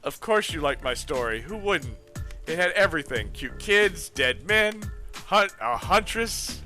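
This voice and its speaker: A man voicing a vain, theatrical female killer who fancies herself a storyteller, with a grand, self-satisfied, slightly lowered delivery. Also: animated, unhurried, bright, forceful tone, faint music behind. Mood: smug, playful. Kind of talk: streamer voicing a dating game.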